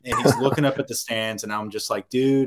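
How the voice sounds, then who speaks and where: A man's voice: on the low side, fairly even intonation, fast talker, fairly bright tone. Profane, riled-up man. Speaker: podcast co-host. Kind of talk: casual sports chat.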